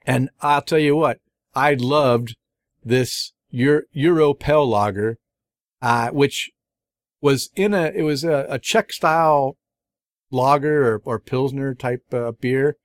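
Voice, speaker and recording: A middle-aged man talks through his beer reviews in a loose, rambling podcast chat, piling on fillers and restarts. His voice sits at an ordinary middle pitch. He is recorded close up in a very dry space with no room sound. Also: slow pace, dry recording.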